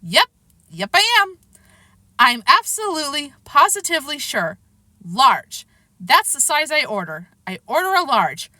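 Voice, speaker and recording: A woman voicing a short sixth-grade boy who blurts and insists, in a bright, raised voice. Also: on the high side, sing-song, a little slow, no echo, exaggerated voice. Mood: insistent.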